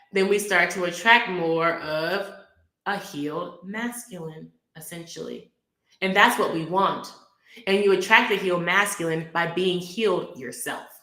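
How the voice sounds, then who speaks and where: Bright-voiced woman coaching on relationships. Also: lowish voice, roomy sound. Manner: earnest, coaching, repeats key phrases. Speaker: relationship podcast host. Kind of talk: casual talk to camera.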